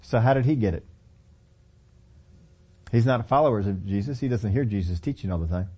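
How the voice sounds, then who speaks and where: A man's voice: on the low side, fairly quick, dark tone, breathy edge. A man preaching a sermon in a conversational way, acting out lines of scripture dialogue as he tells the story.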